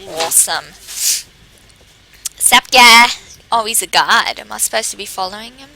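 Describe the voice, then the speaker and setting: A woman's voice: mid-range voice, moderate pace, vocal fry, pauses often, sharp tone, poor audio. A woman casually playing a video game, reading the quest text aloud and chatting with asides. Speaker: game streamer.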